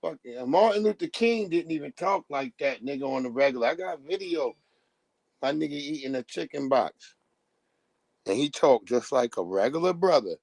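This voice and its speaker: A man doing a casual live-stream rant as a commentator, profane and animated, mocking his subject and breaking into laughter often. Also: fairly high pitch, moderate pace, vocal fry, no room sound. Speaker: livestream commentator.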